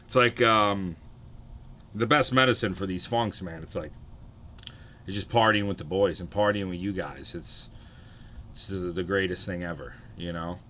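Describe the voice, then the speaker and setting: A man's voice: low voice, normal speed, long pauses, sharp tone, slight background noise. A young man streaming live, chatting loosely with his viewers, swearing often and a bit hungover and sluggish. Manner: laid-back, rambling, swears often, greets chatters. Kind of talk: casual live-stream chat.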